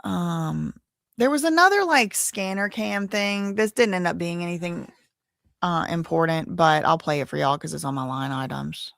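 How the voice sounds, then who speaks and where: A woman's voice: on the low side, normal speed, vocal fry, fairly bright tone, no echo, clean studio sound. A woman hosting a live case-update stream, chatting casually with viewers in a blunt, indignant way, sometimes cursing. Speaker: host.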